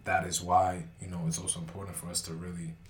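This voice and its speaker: A man's voice: deep voice, level tone, quick pace. A man in casual conversation, speaking reflectively and encouragingly. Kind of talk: casual chat. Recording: distant echoey mic with guitar music.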